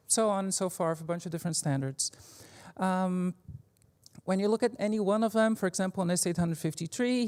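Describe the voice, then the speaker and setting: A woman with a fairly low voice gives a relaxed technical talk from a conference stage. She is informal and wry, drops in the odd curse word and fills her pauses with "um" and "like." Her voice carries a long reverb tail from the large hall around her. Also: clean tone. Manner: informal and joking, with frequent fillers and mild swearing. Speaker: conference speaker. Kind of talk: casual technical presentation.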